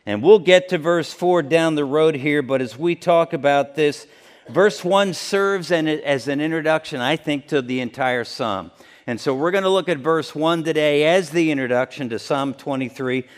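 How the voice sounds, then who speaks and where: A man preaching a sermon, earnest and emphatic, repeating key phrases and restarting his sentences as he teaches. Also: fairly high pitch. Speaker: pastor.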